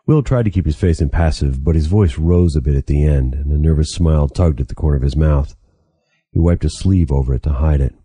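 A man, the author, reading his own novel aloud in a steady, even audiobook narration. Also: extremely low pitch, breathy edge, no room sound.

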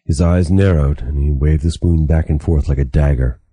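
A man, the author, reading his own novel aloud in a steady, even audiobook narration. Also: very deep voice, normal speed, breathy edge, dry recording.

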